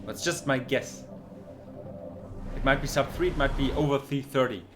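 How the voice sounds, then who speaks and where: Male speedrunner, dry sarcastic live commentary, mid pitch, audible background noise. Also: moderate pace. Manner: dry, sarcastic, swears when frustrated.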